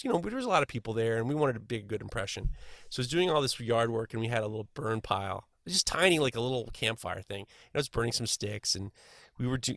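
Bright-voiced man telling a rambling story. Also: mid-range voice, no echo, clean studio sound. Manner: animated, rambling storyteller with stammered restarts. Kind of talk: casual storytelling chat.

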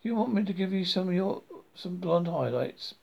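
A man's voice: high-pitched, expressive, moderate pace, gravelly, exaggerated voice. A man voicing a chirpy, vain young woman hairdresser with a breezy manner.

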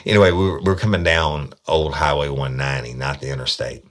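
A police detective telling a story in a casual, blunt, profane way, often repeating words. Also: male voice, extremely low pitch, fairly even intonation, fast talker.

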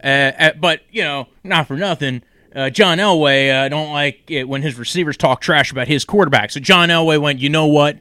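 A man's voice: a little high, moderate pace, sharp tone, no echo. A young man hosting a casual fantasy football talk show, rambling and jokey with lots of fillers and tangents. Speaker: sports podcast host.

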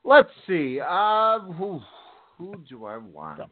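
A man guesting on a casual wrestling podcast, pausing and restarting as he decides. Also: high voice, big pitch swings. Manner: hesitant, stops and restarts while deciding. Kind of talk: casual wrestling fantasy draft chat. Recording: tinny phone-line audio.

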